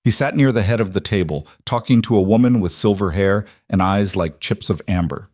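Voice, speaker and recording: A man reading scripted audiobook narration in a measured, even storytelling manner. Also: fairly low pitch, no room sound, studio quality.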